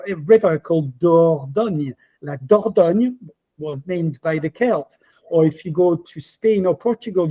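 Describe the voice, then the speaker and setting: A man's voice: a little high, dark tone, poor audio. A man presenting his book to teachers in an online talk, speaking with passion and enthusiasm.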